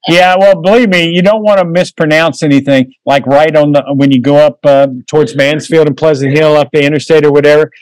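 A man's voice: on the high side, level tone, fairly quick, hardly any pauses, smooth, no echo, poor audio. A man giving a casual history talk, taking audience questions with lots of fillers. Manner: folksy, conversational, many fillers. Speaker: guest speaker. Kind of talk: history lecture and Q&A. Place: meeting room.

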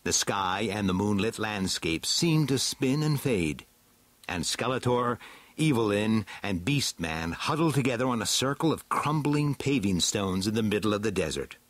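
A man reading a storybook aloud with a slow, dramatic, swooping delivery. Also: on the low side, lively intonation, fairly bright tone, no room sound. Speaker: narrator.

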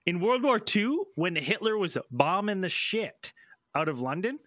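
Excitable, high-voiced, swearing man. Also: a little slow, no echo. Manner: excitable, profane. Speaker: podcast co-host. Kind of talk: casual banter.

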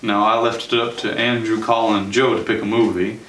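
A young man hosting a casual movie review, chatty and sarcastic, with quick joking asides. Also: on the low side, level tone, fairly bright tone, slight background noise. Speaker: show host and movie reviewer. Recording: roomy sound from a distance.

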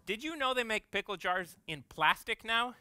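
Bright, crisp-voiced pastor telling stories. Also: male voice, high voice, lively intonation, normal speed. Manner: storytelling, playful and self-mocking. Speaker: executive pastor. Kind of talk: conversational sermon.

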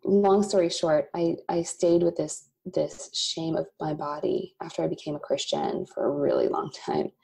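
A woman in her thirties speaks as a podcast guest, sharing an emotional personal story. Her voice is low and darkly mellow, with a gravelly edge. She breaks into laughter often and acts out quoted asides with lively energy. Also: normal speed, few pauses. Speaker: podcast guest, coffee company founder. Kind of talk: candid conversational storytelling.

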